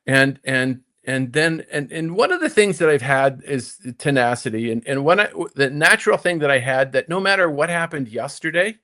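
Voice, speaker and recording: An older man spins a long story from his playing days, his pitch jumping up and down as he acts out what he told himself. He stumbles into restarts, repeating "and, and" before surging forward again. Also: animated, normal speed, hardly any pauses, bright, forceful tone. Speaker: guest, former tour golfer. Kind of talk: storytelling in casual conversation.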